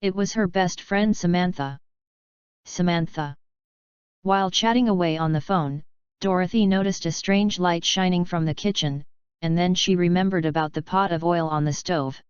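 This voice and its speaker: Crisp, careful woman reading English aloud. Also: lowish voice, moderate pace, no room sound, lo-fi sound. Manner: careful, even read-aloud. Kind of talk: slow read-aloud of English passages.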